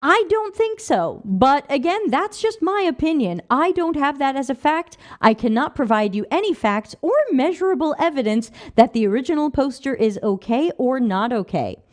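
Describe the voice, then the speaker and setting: Mujer con voz animada y aguda. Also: female voice, high-pitched, normal speed, hardly any pauses. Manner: animated, emphatic, rhetorical questions. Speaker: livestream host reading viewer comments. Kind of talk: casual livestream talk.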